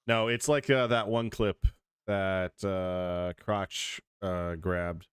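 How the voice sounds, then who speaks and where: A man's voice: low-pitched, steady tone, slow, smooth, no room sound, clean studio sound. A young man streaming a game, chatting loosely and joking in a rambling way. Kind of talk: casual gameplay commentary. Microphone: desk mic with compressor.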